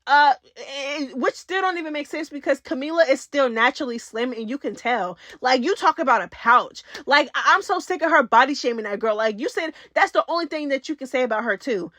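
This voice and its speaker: A young woman hosting a reality TV recap, talking straight to her viewers in a sassy, slangy, animated way. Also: sits high, no echo. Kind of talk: casual recap commentary.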